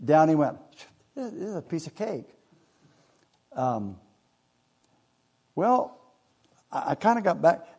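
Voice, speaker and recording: A man's voice: on the high side, big pitch swings, takes it slowly, pauses often, darkish tone, breathy edge. A man, telling a rambling hunting story in a casual, folksy way with laughs along the way.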